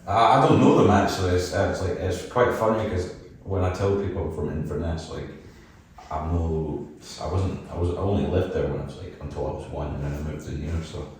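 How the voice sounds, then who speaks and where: A young man with a broad Edinburgh Scottish accent talks in a rambling, self-deprecating way and laughs often. His voice sits extremely low. It is recorded from some distance in a very roomy, echoey space. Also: brisk, darkish tone. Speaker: band vocalist guest. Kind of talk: casual podcast chat. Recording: roomy echo, mic at a distance.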